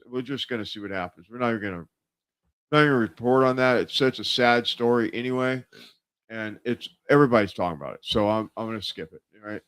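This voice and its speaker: A man with a mid-range, fairly bright voice that sounds clear and resonant hosts a laid-back political talk livestream. His talk rambles, packed with fillers and restarts.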